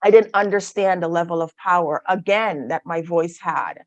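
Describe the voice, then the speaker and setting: Low-voiced woman telling her own story. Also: normal speed, no room sound, muffled recording. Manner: candid storytelling with asides to the audience. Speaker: guest speaker. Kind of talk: personal testimony talk. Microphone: video call.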